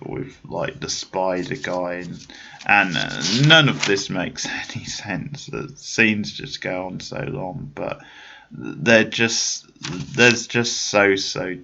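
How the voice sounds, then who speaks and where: Low slow guy with a gravelly voice, rambling through a movie review on a podcast. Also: sharp tone, dull audio. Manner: rambling, many restarts and fillers, laughs at the film. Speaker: podcast host. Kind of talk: casual film review chat.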